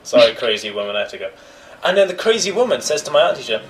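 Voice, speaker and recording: A man's voice: medium pitch, sing-song, rapid-fire, faint music behind, low-quality recording. A young man telling a story in casual chat, swearing freely and acting out the other people's voices.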